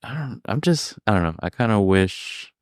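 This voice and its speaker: This man's voice sits fairly low, with lively intonation and a normal pace. He co-hosts a podcast in casual chat, mostly offering short replies to the storyteller. The studio-quality recording has no room sound.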